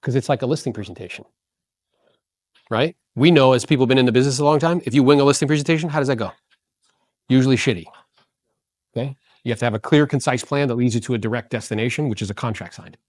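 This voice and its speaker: A man's voice: mid-range voice, no echo, clean studio sound. A man coaching agents in a blunt, slangy way, acting out callers' lines and quizzing his listeners. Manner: animated, acts out voices of callers, quizzes listeners. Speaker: real estate coach.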